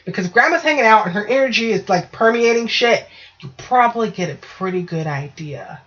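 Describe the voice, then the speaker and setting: A woman co-hosts a casual podcast chat, easygoing and jokey, with a habit of swearing and checking in with "right?". Her voice sits at an ordinary pitch. The recording is dull and lo-fi. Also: expressive, a little fast, a bit bright. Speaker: podcast co-host.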